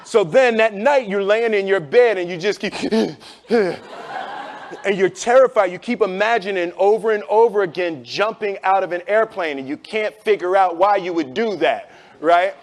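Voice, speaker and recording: A man telling a story to a live audience, animated, acting out voices and laughing often. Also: sits high, normal speed.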